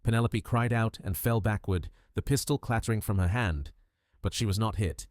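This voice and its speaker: Low-voiced man narrating a mystery. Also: normal speed, a little mellow, no echo, clean studio sound. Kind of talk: scripted audiobook narration of a mystery.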